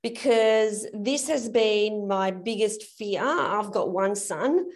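A woman's voice: medium pitch, slow. A middle-aged woman co-hosting a podcast who speaks in an earnest, reflective, conversational way. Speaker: podcast co-host.

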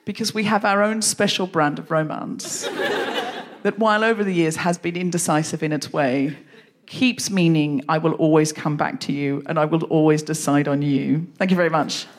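A woman hosting a live comedy podcast on stage, telling stories in an animated way and laughing often. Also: low voice, moderate pace. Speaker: host. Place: live stage before an audience. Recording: live stage recording with audience noise.

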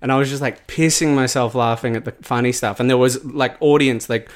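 A man's voice: mid-range voice, fairly even intonation, fairly quick. A man co-hosting a podcast, rambling in casual chat with lots of fillers and restarts. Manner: rambling, lots of "like" and restarts, laughs through stories. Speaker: podcast co-host.

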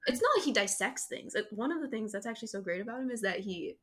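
A woman's voice: medium pitch, expressive, quick pace. A young woman in her twenties hosting the interview, listening with frequent affirmations and talking casually with many fillers. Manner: warm listener, frequent "mm-hmm", laughs along, many fillers. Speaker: podcast host, interviewer. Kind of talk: casual conversation.

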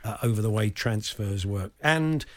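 A man's voice: lowish voice, moderate pace, fairly bright tone. A man hosting a casual football talk show, chatty and wry, thinking aloud. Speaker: radio sports talk host.

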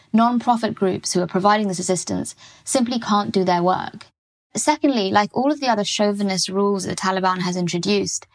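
A woman correspondent answering interview questions on a news podcast, measured and analytical, with some fillers. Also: mid-range voice.

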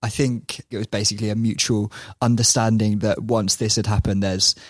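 A man co-hosting a casual podcast, relaxed and loose, filling with yeahs and ums and laughing along. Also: on the low side, fairly quick, no room sound, clean studio sound. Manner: relaxed, many fillers like yeah and um, laughs along. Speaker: podcast co-host. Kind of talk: casual chat.

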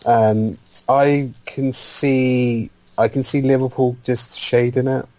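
A man's voice: mid-range voice, level tone, takes it slowly, mellow, poor audio. A man co-hosting a casual football podcast, talking with frequent restarts and repeated words. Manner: hesitant, repeats words, makes puns. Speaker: podcast co-host. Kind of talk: casual chat.

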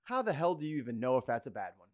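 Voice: mid-range voice, big pitch swings, very fast, a little mellow. A podcast co-host joking sarcastically in casual chat.

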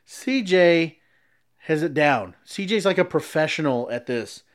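A man's voice: fairly high pitch, expressive, unhurried. A man casually telling a long story, often restarting sentences as he explains.

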